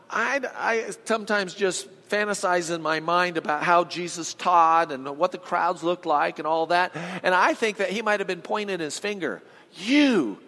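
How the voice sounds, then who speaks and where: A man with a high voice delivers a sermon at an unhurried pace. He presses his points with emphatic repetition and calls on his listeners to join in. His voice rings out with the long reverb of a big hall. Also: a bit bright. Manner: emphatic, calls on the congregation to respond. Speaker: pastor.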